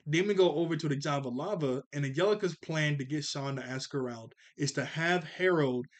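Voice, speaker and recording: A young man with a fairly high voice runs through a cartoon episode in a casual, chatty way. He laughs often, sounds playful and gets animated when he makes his points. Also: a little fast. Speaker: cartoon reviewer.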